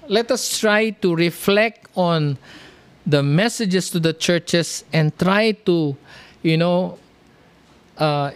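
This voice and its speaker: A preacher delivering a sermon, reading scripture verses slowly and with lifted emphasis, then explaining them with rhetorical questions and asides to the congregation. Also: mid-range voice.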